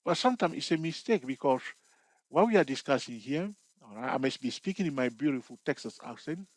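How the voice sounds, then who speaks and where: A man's voice: medium pitch, lively intonation, brisk, no echo, poor audio. Dry-voiced male trading tutor checking in. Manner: checks in often with "okay?" and "all right?"; loose phrasing with frequent restarts. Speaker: trading instructor. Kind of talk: explaining over a chart.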